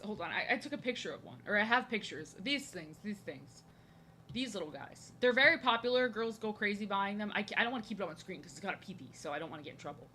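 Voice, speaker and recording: A woman's voice: medium pitch, expressive, fast, pushed and bright, a little hiss or hum. A young woman from New Jersey chatting casually while she draws on a live stream, rambling with lots of fillers and restarts, frank and a bit crude. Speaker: streamer and artist.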